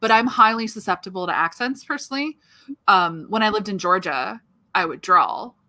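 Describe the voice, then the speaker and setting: An American woman with a light Maryland accent, hosting a casual writing livestream, chatty and self-deprecating with quick asides. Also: medium pitch, expressive, sharp tone, dry recording. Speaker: livestream host.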